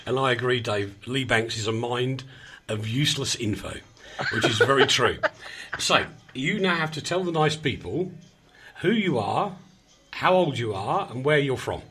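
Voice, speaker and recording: A man's voice: medium pitch, animated, moderate pace, fairly bright tone. Rambling chatty male radio host. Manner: chatty, rambling, self-mocking. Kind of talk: casual radio banter. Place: small radio studio. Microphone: studio microphone.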